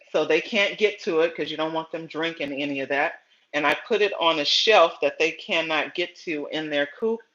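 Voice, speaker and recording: A middle-aged woman hosting a casual gardening livestream, chatty and storytelling, often pausing to greet viewers by name. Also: low-pitched, a bit bright, lo-fi sound.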